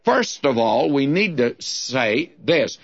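A man's voice: mid-range voice, big pitch swings, husky. An older man teaching through Bible verses, reading scripture aloud and explaining it plainly. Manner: slow, deliberate, reads scripture then explains it. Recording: dull lo-fi sermon recording.

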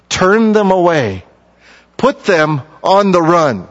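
Emphatic preacher in an echoing hall. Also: male voice, high-pitched, sing-song, slow. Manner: reads scripture aloud, then explains it in plain, emphatic asides. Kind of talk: sermon. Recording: dull lo-fi sound with long hall reverb.

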